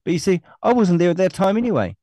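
Speaking quickly and very animatedly, a middle-aged man with a New Zealand accent rants on his online show in a high, mellow voice with no room sound. The monologue is furious, contemptuous, and packed with swearing.

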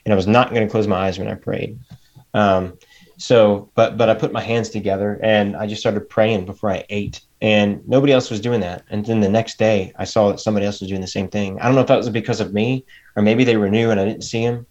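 A man, a guest on the show, sharing his faith story in a reflective, halting way. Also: lowish voice, fairly even intonation, darkish tone, highs cut off. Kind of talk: casual testimony chat.

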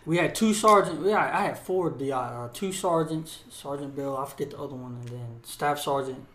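A man co-hosting a podcast, telling a profane, animated story and acting out the quotes. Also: on the high side, moderate pace, echoey room. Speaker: podcast co-host. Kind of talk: casual chat, storytelling.

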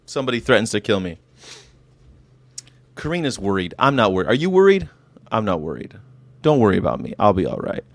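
Man, vegan show host, casual rant, lively swooping pitch, dry close sound. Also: brisk, gravelly, long pauses, dry recording. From United States. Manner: animated, laughs often, reads chat aloud.

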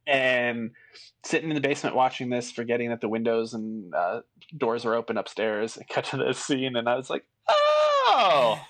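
A man co-hosting a film podcast talks in a relaxed, conversational way at an ordinary pitch. He tells a laid-back anecdote and drops short agreeing replies while his co-host talks. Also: fairly quick. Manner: relaxed, storytelling, brief agreeing interjections. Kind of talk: casual movie review chat.

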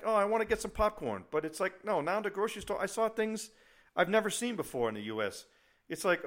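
A man's voice: fairly high pitch, big pitch swings, fast talker, fairly bright tone. A middle-aged man hosting a casual podcast, ranting in an exasperated, rambling way and poking fun at himself. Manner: exasperated, rambling, self-mocking. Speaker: podcast host.

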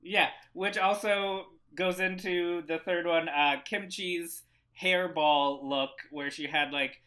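Bright, enthusiastic man as a guest. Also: high voice, steady tone, slow pace. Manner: enthusiastic, rambling, many fillers. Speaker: podcast guest. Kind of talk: casual chat.

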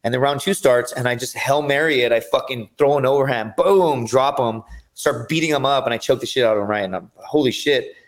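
Profane, energetic man telling fight stories. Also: mid-range voice, fairly quick. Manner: profane, energetic, rambling storyteller. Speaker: podcast guest, MMA fighter. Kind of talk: casual storytelling chat.

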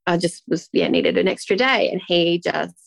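A woman in her thirties talks through a personal story, circling back and restarting as she goes. Her voice has a gravelly edge. The sound is dry and close. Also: on the low side, moderate pace, no room sound. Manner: rambling, emotional storytelling with many restarts. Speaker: guest. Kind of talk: casual interview talk.

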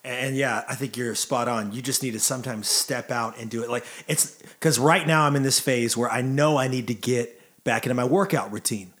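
A man's voice: medium pitch, moderate pace, few pauses, a bit bright. Upbeat man hosting a church chat. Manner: upbeat, encouraging, conversational. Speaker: host, church songwriter. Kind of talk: casual faith conversation.

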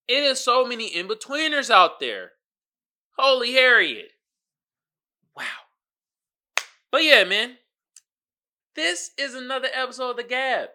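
Male solo podcast host, very bright, sharp voice, swings wide in pitch; casual slang, laughs, loud bursts. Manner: animated, laughing, breaks into loud outbursts; slangy, addresses listeners directly.

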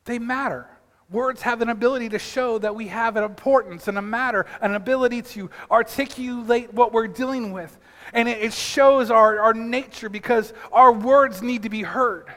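A male pastor with a notably high voice preaches to his church, chatty and loose, stumbling over repeated words as he goes. His sermon rings through a large sanctuary with a long, lingering reverb. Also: normal speed, a bit bright. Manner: conversational preaching with frequent restarts and repeated words; calls out to the congregation for responses.

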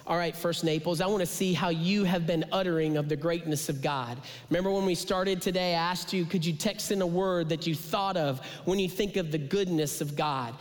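A man preaching a sermon as pastor, passionate, swinging from bold declarations to hushed, whispered asides. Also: brisk, hardly any pauses. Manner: impassioned preaching with dramatic pitch drops and whispered asides. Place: large church sanctuary. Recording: long hall reverb.

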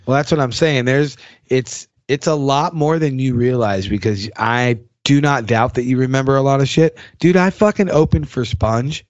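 A man's voice: medium pitch, moderate pace, no room sound, lo-fi sound. A man with a Florida accent hosting a podcast, talking bluntly and profanely, joking about himself in casual conversation. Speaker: podcast host and drummer.

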